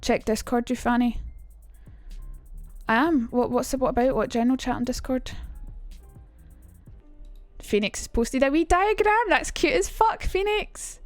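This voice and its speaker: A woman's voice: a little high, normal speed, pauses often, darkish tone, dry recording, faint music behind. A young woman with a Glaswegian Scottish accent, streaming a casual lesson, chatty and sweary and reading out her chat. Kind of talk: casual live-stream teaching.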